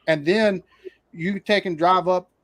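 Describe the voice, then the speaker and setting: A man hosts a loose, profane chat in a slightly high voice. He rambles from story to story with plenty of swearing. His voice sounds close and dry, with no room echo. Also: fairly even intonation, unhurried, a bit bright. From Alabama Gulf Coast. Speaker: host. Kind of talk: casual chat.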